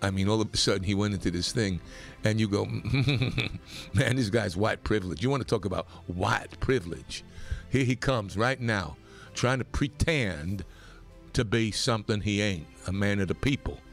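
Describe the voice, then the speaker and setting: Gravelly man ranting on talk radio. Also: normal speed, faint music behind. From New York. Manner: animated, rambling, pitch climbs when worked up. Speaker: radio talk show host. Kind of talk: opinionated radio monologue.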